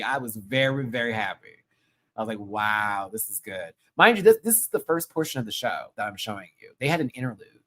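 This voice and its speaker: A man hosting his own channel, chatting casually through a recap of a live show, slangy and gushing, with sudden high excited exclamations. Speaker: channel host.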